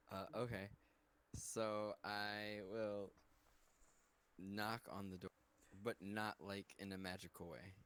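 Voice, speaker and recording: A man with a lowish, smooth voice plays a tabletop game. He speaks hesitantly and draws out his words, with many fillers along the way. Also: fairly even intonation, slow, long pauses, a bit bright. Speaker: player. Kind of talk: casual tabletop play.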